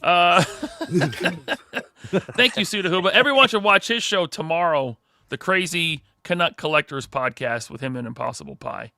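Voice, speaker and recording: A man's voice: fairly high pitch, normal speed, vocal fry, sharp tone, dry recording, studio quality. A man with a New England accent hosting a live podcast, reading viewer messages aloud and laughing often. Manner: reads viewer super chats aloud, laughing a lot. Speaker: podcast host. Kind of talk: casual live-stream chat.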